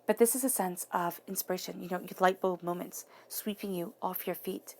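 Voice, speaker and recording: A woman's voice: on the low side, fairly even intonation, normal speed, vocal fry. A woman giving an earnest, encouraging tarot reading to viewers, repeating phrases for emphasis. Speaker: tarot reader.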